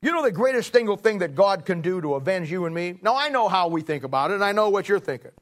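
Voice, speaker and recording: A man delivering a sermon in a fairly high voice. He hammers his points home by repeating them, then drops to a hushed, drawn-out delivery. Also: very animated. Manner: emphatic, repetitive, swings between loud and hushed. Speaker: preacher.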